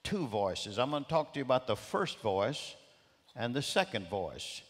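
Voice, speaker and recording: A man's voice: mid-range voice, big pitch swings, normal speed, slightly rough. Male guest preacher, emphatic sermon delivery, repeats lines, big-hall reverb. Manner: emphatic, repeats key phrases. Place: large church auditorium. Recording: long reverb of a large hall.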